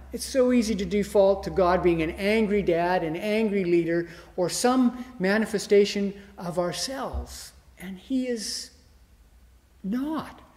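Guy preaching a sermon, pretty high voice, big echoey hall, goes loud then hushed. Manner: expressive, swings between loud emphasis and hushed near-whisper. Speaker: pastor.

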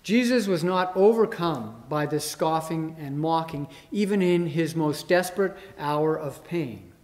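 Male preacher, emphatic, slightly higher voice, recorded in a reverberant church hall. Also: expressive, measured pace, a little mellow. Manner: rising emphasis, dramatic quoted mockery. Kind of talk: sermon.

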